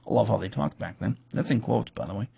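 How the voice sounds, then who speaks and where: A man's voice: lowish voice, quick pace, vocal fry, dark tone, breathy edge, no room sound. A man recapping a football rivalry's history in casual talk, reading facts with offhand asides and fillers.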